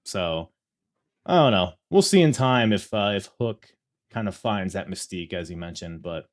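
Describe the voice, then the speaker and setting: A man hosting a podcast in casual chat, talking with animated quick asides and many fillers. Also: low voice. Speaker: podcast host.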